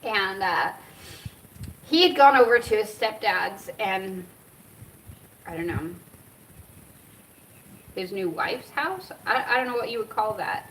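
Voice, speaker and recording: A woman's voice: mid-range voice, expressive, slow, pauses often, a bit bright, a little hiss or hum. A middle-aged woman vlogging outdoors, telling a rambling personal story with emotion and frequent laughs. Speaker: cannabis and cancer vlogger. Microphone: camera set up nearby. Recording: distant outdoor camera mic.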